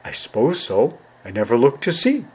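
A man's voice: mid-range voice, huge pitch swings, normal speed, breathy edge, heavily acted. A man reading aloud, voicing a huge but timid male lion who stammers and speaks sorrowfully, from a storybook. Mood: mournful. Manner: loud, stammering, mournful.

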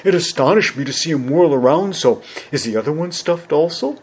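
A man's voice: fairly high pitch, lively intonation, fairly quick, breathy edge, pitched above the performer's own voice. A man reading aloud, voicing a huge but timid male lion who stammers and speaks sorrowfully, from a storybook. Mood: bewildered. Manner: loud, stammering, mournful.

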